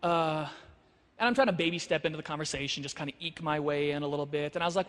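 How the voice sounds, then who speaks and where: A man telling a story as a speaker, animated and acting out the dialogue. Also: a little high, fast talker, long reverb tail, slight background noise. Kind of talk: storytelling sermon.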